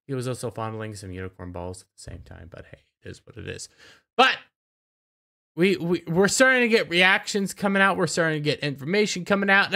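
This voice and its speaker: A man's voice: on the high side, bright, forceful tone. Sarcastic young guy ranting on camera. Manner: sarcastic, mocking, repeats words when starting sentences. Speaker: YouTube commentator. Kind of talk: casual rant commentary.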